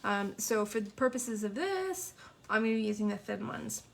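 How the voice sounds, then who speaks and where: This woman is a papercraft instructor leading a live card-making session and talking chattily with viewers while she works. Her mid-range voice is animated and carries vocal fry at a normal speed, and she sniffles and hiccups along the way.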